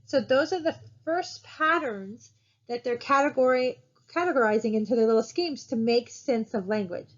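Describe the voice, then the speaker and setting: A woman's voice: on the high side, animated, normal speed. Lady teacher talking thru her slides, lots of ums and "right?", sound kinda dull and muffled. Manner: conversational, many fillers and tag questions. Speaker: college lecturer. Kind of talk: recorded slide lecture. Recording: dull lo-fi recording.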